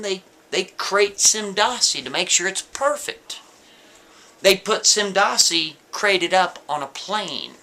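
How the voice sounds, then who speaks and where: Man, casual storyteller, bright voice, chatty, checks in with listener. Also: on the high side. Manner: conversational, asks listener "right?" and "see?".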